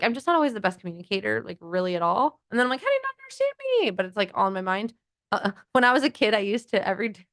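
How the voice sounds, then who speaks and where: A woman talking as a podcast guest in casual chat, animated and chatty, full of fillers and acted-out quotes. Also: mid-range voice, creaky, no echo, clean studio sound.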